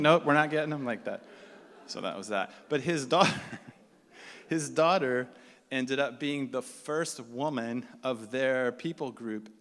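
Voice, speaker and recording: Middle-aged man telling a comic story in a hall. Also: lowish voice. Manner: animated, self-mocking, laughing at his own story. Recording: echoey hall, faint room noise.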